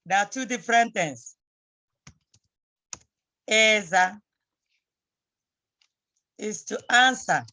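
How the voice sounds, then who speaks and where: Woman teacher, unhurried and patient, repeats each phrase slowly for beginners. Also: medium pitch, animated, pushed and bright. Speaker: Igbo language teacher. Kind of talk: slow beginner language lesson.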